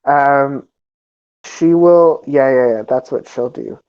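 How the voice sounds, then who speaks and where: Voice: medium pitch, slow pace, darkish tone, clean tone, dull audio. A player in a tabletop game, hesitant and thinking aloud with many ums. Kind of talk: casual tabletop play.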